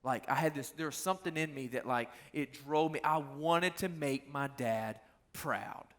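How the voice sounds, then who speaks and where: A young man preaching to a youth group in a relaxed, storytelling way. His voice sits a little high and has a bright, forceful edge. He turns to the crowd again and again with questions. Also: normal speed. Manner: animated storytelling, talks straight to the crowd. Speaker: youth pastor. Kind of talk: casual youth sermon.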